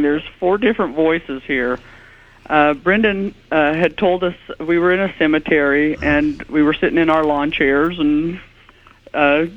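A woman investigating hauntings, a guest on a radio show, earnestly explaining her evidence. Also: sits low. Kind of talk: radio interview. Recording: tinny phone line.

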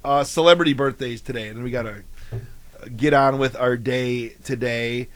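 A man's voice: mid-range voice, fairly even intonation, normal speed. A man hosting a local morning radio show, chatting and joking casually with his co-host.

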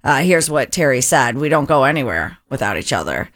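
A woman reading local news on a morning radio show, brisk and lightly giggly between items. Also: extremely low pitch, very animated, a bit bright. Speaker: radio news reader and co-host.

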